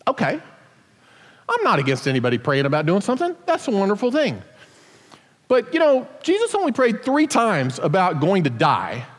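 A man's high-sitting voice swings hugely in pitch at a moderate pace as he preaches a casual sermon. The pastor explains scripture with jokes thrown in, and the sanctuary adds long hall reverb.

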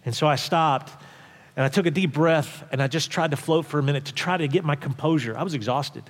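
A man preaching in a church service, telling a personal story in a conversational way, with restarts, going quiet at tense moments. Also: a little high, a little fast, long reverb tail. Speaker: pastor. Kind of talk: sermon storytelling.

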